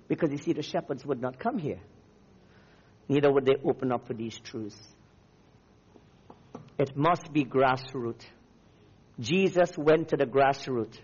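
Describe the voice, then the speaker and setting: A man's voice: on the high side, moderate pace, a little mellow, breathy edge, big-room sound, dull audio. A man from Namibia preaching a fiery, declamatory sermon as a visiting preacher. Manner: fiery, declamatory, rising and falling.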